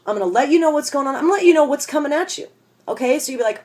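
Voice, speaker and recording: A woman's voice: high voice, lively intonation, racing, darkish tone. A woman delivering a comedic rant straight to her viewers, in a sarcastic and exasperated tone. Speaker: vlogger ranting to camera.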